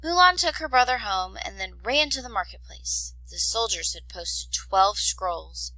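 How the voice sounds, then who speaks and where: Gravelly-voiced woman reading a story. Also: mid-range voice, measured pace, no echo, poor audio. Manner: expressive read-aloud. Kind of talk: scripted storybook narration.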